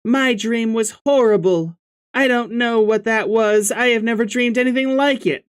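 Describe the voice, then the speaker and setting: A man's voice: moderate pace, clear, resonant tone. A man voicing a jittery, irritable teenage girl in a strained, exasperated voice. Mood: distraught. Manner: high, strained, exasperated delivery. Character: jittery, irritable teen girl, quick to snap.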